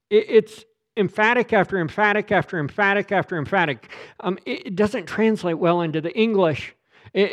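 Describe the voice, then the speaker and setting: Pastor guy preaching, emphatic, keeps repeating words, voice on the higher side. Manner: emphatic, repeats words when stressing a point. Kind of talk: sermon.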